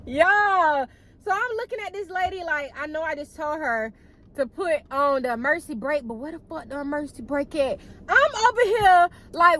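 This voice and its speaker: Chatty young woman with a higher voice. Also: moderate pace, poor audio. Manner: chatty, animated, frequent cussing, keeps addressing viewers as y'all. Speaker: vlogger. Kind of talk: casual storytime monologue.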